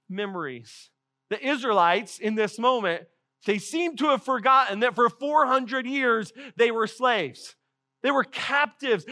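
A middle-aged male pastor preaching a sermon, animated, acting out quotes and laughing often. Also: very high voice.

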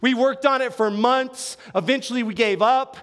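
A man's voice: very high-pitched, normal speed, a bit bright, clean tone. A middle-aged male pastor giving a sermon in a conversational, storytelling way, with frequent asides and restarts.

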